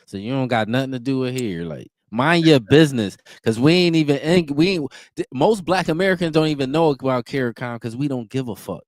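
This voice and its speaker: A man's voice: medium pitch, expressive, fairly quick, a little mellow, no room sound. A man hosting a reaction podcast, talking bluntly and emphatically with plenty of profanity. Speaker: podcast host. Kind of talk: casual reaction commentary.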